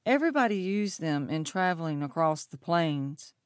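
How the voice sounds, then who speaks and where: A woman narrating a storybook in a measured, steady reading voice. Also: deep voice, smooth, no echo, clean studio sound. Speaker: audiobook narrator.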